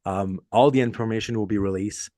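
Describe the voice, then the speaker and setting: French-accented man, low and dry. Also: mellow, no room sound. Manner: rambling, halting with many restarts. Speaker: podcast co-host. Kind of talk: casual chat.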